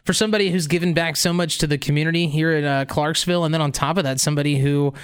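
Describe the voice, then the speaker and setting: Man host, clear smooth voice, a bit high, stat-heavy sports preview. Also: fairly even intonation, very fast. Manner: informative, reads off stats and schedules. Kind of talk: sports talk, previewing games.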